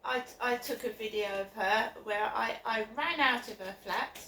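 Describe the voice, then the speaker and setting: This vlogger's voice is on the high side, bright and forceful, at normal speed with hardly any pauses. Standing outdoors by her flats, she talks into her phone in an upset, insistent, repetitive way, far from the mic in an echoey space with faint noise.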